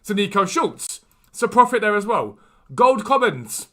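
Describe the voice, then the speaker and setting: Bright-voiced, chatty young man. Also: high-pitched, a little slow. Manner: energetic and chatty. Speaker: game streamer. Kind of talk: casual live-stream talk.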